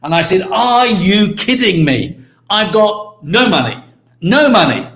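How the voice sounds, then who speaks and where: A British man giving an energetic motivational talk on a live stream, repeating key words and calling out to viewers by name. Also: sits high, unhurried, echoey room. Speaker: network marketing mentor hosting a live stream.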